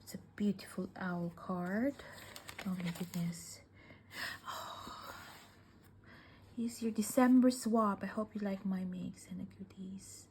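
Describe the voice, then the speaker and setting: Woman, vlogger, slow-talking, gushing, tearful, soft whispers, faint background noise. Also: mid-range voice. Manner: gushing, emotional, often breaking into soft whispers; slow, with many fillers and sighs. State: tearful, welling up. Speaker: crafting vlogger. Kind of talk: casual unboxing chat.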